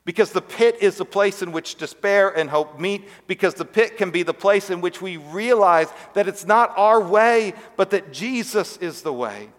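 A pastor preaching a sermon, telling a parable and letting his voice sink to a hush on the words he stresses. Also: sits high, moderate pace, hardly any pauses. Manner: storytelling, dropping to a hush on key words. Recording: long reverb.

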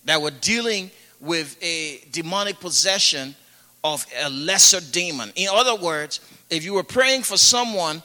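A man's voice: a little high, expressive, a little slow, pushed and bright. A man from Africa preaching and telling stories, chatty, with many "you know"s and laughs. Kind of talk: sermon with personal storytelling. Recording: echoey hall with long reverb.

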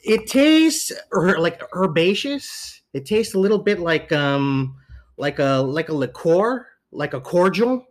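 A man hosting a casual chat show, talking in fast, rambling bursts full of fillers and teasing his co-host. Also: high voice, big pitch swings.

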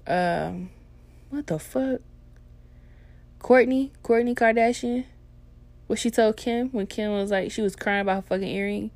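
A woman hosting a casual monologue, blunt and heavily profane, swinging into loud, animated rants. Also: medium pitch, normal speed, no room sound.

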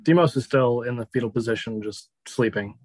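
A man narrating as game master of a tabletop game, relaxed and laughing often, slowing down to describe scenes. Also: medium pitch, poor audio.

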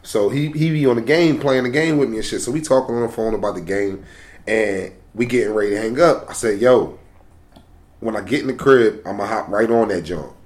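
A man co-hosting a casual podcast, telling a profane, animated story about a phone call. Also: lowish voice, a little fast. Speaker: podcast co-host.

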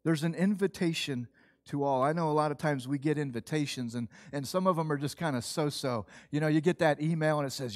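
High-voiced earnest male pastor preaching. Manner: conversational, earnest, with slow emphatic phrases. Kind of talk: sermon.

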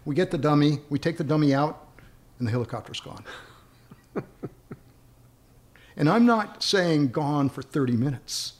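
A man's voice: a little high, animated, unhurried, long pauses, darkish tone. A man casually telling a long anecdote in a rambling way, often repeating words as he starts a thought. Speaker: guest storyteller.

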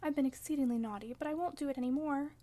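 Woman reader doing a willful, tearful young girl for a classic novel audiobook; high and pleading. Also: very fast, warm tone, natural voice.

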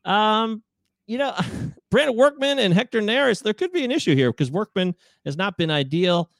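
Animated Midwestern man, lively pitch. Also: normal speed, no echo, studio quality. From American Midwest. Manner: chatty and animated, laughs often, leads the questions. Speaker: podcast co-host. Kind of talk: casual sports chat.

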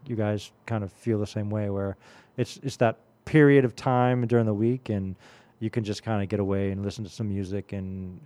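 With a fairly low, mellow voice, a man in his late forties hosts a radio music show and tells stories in a loose, rambling way packed with fillers.

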